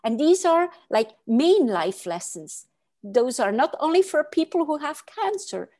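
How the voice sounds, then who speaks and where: A woman's voice: sits high, big pitch swings, unhurried, mellow. A woman in her late forties, a guest telling a personal story in an earnest, emphatic way, with many fillers and restarts.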